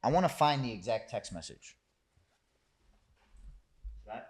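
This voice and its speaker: A man's voice: mid-range voice, a little slow, breathy edge. A young man, a founder and podcast guest, telling a story in casual conversation, swearing freely and acting out what others said. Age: young adult. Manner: animated storyteller who curses freely and acts out quotes.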